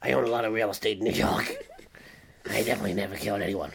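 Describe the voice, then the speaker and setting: A man doing a sly low mumbling man. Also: racing, vocal fry, slight background noise. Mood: deadpan.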